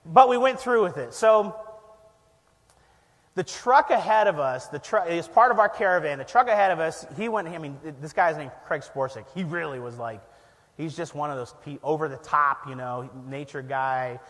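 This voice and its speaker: High-voiced pastor telling a funny story. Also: male voice, normal speed, in a large hall. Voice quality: animated, self-deprecating, laughs often. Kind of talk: storytelling sermon. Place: church.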